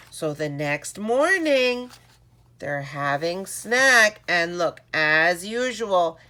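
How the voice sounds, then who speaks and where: A woman reading a story aloud to children, calling them friends in an animated way. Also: fairly low pitch. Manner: addresses listeners as friends, animated.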